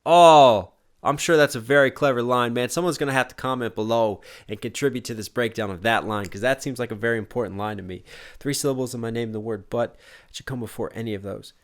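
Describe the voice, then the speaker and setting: A man reacting to a music video as a rapper, thinking aloud in casual commentary that swings between musing and sudden excited outbursts, tired but animated. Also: medium pitch, fast talker. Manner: thoughtful, breaks down lyrics, exclaims in bursts.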